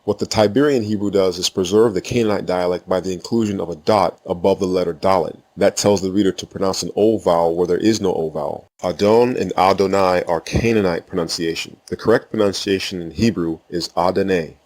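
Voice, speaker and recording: A man reading a scripted lesson in a measured, explanatory way. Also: sits low, fairly even intonation, a little mellow. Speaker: teacher. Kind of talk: scripted narration.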